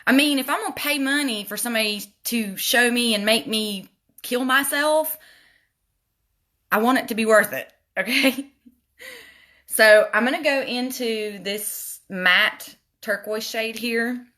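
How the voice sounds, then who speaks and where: A chatty woman talks her viewers through a makeup look on a casual livestream. Her voice is bright and forward, and she keeps drifting into laughing side stories before coming back to her palette. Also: on the high side, unhurried. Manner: chatty, goes off on laughing tangents; talks straight to viewers, addressing them as y'all. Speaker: makeup vlogger.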